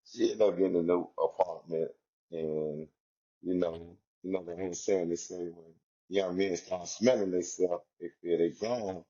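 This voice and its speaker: A former inmate tells his personal story candidly and reflectively, in a loose style full of "you know" and "like." His low, mellow voice stays fairly even and a little slow, and the recording has its highs cut off.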